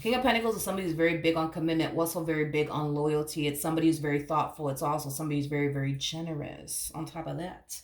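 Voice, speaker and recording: A woman's voice: deep voice, very fast, hardly any pauses, echoey room. A woman giving a casual tarot reading to camera, blunt and swearing freely, calling the viewer honey. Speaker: tarot reader.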